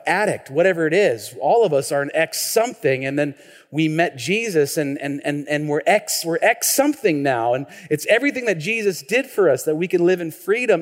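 Chatty man preaching in a reverberant church. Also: high-pitched. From Washington state, US. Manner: animated, conversational, frequent restarts and audience questions. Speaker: pastor. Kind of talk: sermon with personal storytelling. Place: church sanctuary. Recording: long reverb of a church hall.

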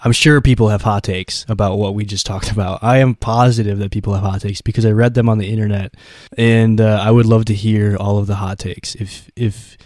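A man with a sick, hoarse voice co-hosting a podcast in casual, rambling chat. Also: on the low side, steady tone, a little fast, a little mellow, no room sound, studio quality. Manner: laid-back, rambling with fillers. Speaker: podcast co-host.

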